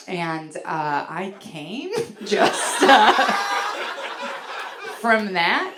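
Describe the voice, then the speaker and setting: A woman's voice: mid-range voice, very animated, drawn-out words, pauses often, noisy background. A woman comedian doing a bawdy stand-up set on a club stage, storytelling with lots of "like" fillers. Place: comedy club stage before a laughing audience.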